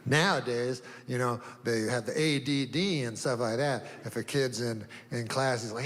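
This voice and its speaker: A man doing a stand-up routine on a comedy stage, deadpan and rambling, with long setups. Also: medium pitch, moderate pace, hardly any pauses. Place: comedy stage before a live audience. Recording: long hall reverb, faint noise.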